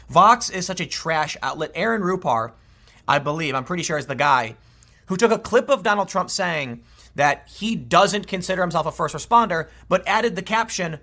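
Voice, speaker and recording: A man's voice: high voice, lively intonation, moderate pace, bright, forceful tone. A man giving casual political commentary, exasperated and ranting, with frequent restarts.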